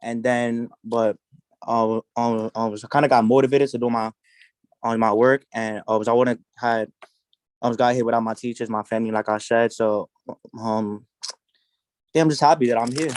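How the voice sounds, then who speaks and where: A young man speaks hesitantly on a video call, stumbling through his thanks with many fillers. His voice is smooth and resonant at a middling pitch, and it sounds dry and close. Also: steady tone, normal speed, no room sound. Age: young adult. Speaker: graduate. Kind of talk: casual speech on a video call.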